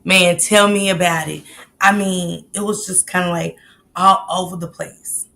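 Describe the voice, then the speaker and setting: A woman's voice: fairly low pitch, steady tone, a little slow, creaky, bright, forceful tone. A woman in her late forties hosting a live stream, chatting casually and greeting viewers by name. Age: 40s. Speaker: livestream host.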